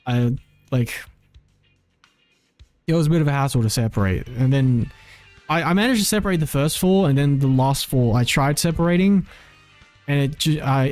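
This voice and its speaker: Male streamer, mid-pitch voice, loose rambling chat, constant filler and restarts, quiet music bed. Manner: rambling, full of "like" and self-corrections. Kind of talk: casual live-stream chat.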